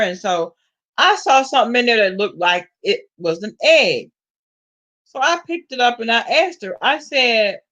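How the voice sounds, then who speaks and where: A woman with a Southern US accent telling stories in a sassy, animated way, laughing often. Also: a little high, lo-fi sound. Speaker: vlogger. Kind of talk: casual storytelling.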